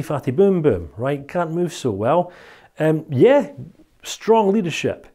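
Scottish man, course teacher, animated pitch, jokey chatty delivery. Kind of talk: recorded course lecture.

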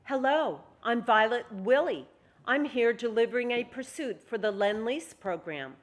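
Woman doing earnest young lady pilot, slow, close to her own voice. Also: a little high, lively intonation, voice pushed up. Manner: earnest, meek.

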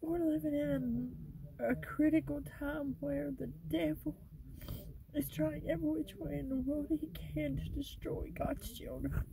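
A woman's voice: sits high, steady tone, a little slow, vocal fry, crowd noise, poor audio. A woman vlogging about her faith, sounding weary and frustrated, often dropping into a half-whisper. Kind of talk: personal faith vlog, talking to viewers.

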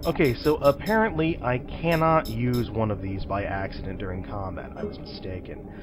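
A man's voice: on the low side, normal speed, noisy background. A man casually commenting while playing a video game, talking to himself and to viewers with playful, teacher-like asides. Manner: chatty, talks to himself and viewers. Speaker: let's play host.

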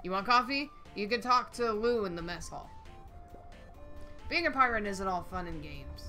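A woman's voice: mid-range voice, expressive, moderate pace, pushed and bright, faint music behind. A woman voicing a smug, sassy young bean seller in a video game.

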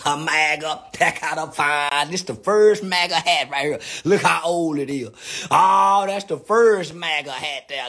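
A man ranting to camera in a loud, theatrical comedic vlog, with exaggerated mock-crying and preaching. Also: a little high, unhurried, gravelly. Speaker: vlogger. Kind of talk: comedic celebratory rant to camera.

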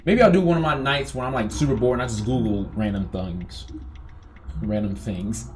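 Brief: man, gaming YouTuber, lively pitch, chatty and loud in bursts, game music behind. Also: a little fast. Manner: animated, chatty, talks straight to viewers, yelps when startled. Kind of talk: let's play commentary.

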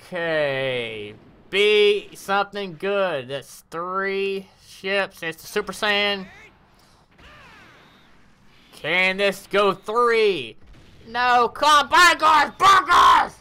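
A woman giving casual commentary on her mobile game summons, animated and cursing at bad pulls. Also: mid-range voice, very slow, pauses often, clean tone. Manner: animated, groaning, swears.

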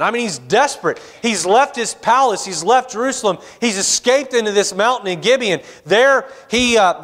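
A man's voice: high voice, fairly bright tone. Man preaching in a conversational church sermon. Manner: conversational preaching with many fillers and acted asides. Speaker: pastor. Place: church sanctuary.

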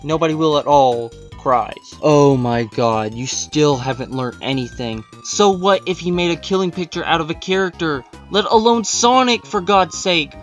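A man's voice: a little high, expressive, normal speed, few pauses, soft background music. A man doing sarcastic, exasperated commentary, reading out online posts in a vlog.

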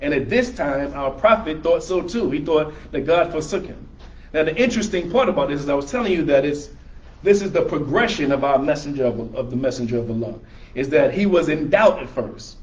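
Male religious teacher, conversational explainer, slightly high voice, muffled lo-fi room recording. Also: expressive, fairly quick. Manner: conversational, rephrasing verses in plain words. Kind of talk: explanatory Quran class. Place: room with a small audience, filmed by camera.

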